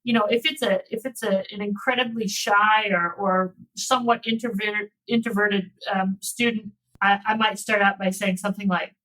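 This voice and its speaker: A woman working in private school admissions, talking through interview tips in a relaxed panel discussion, with frequent restarts. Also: mid-range voice, normal speed, poor audio. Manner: warm conversational storytelling with many restarts.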